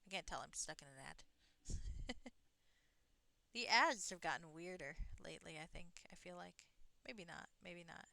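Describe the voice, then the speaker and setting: A woman's voice: on the low side, measured pace, gravelly, pauses often, pushed and bright, no echo. A woman streaming a game live, chatting casually in a rambling way and swearing now and then. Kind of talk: casual live gameplay commentary.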